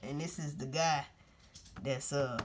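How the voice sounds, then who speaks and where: A woman's voice: very deep voice, steady tone, measured pace, noisy background. A woman vlogger commenting on news clips in a blunt, profane, casual way, talking straight to her viewers.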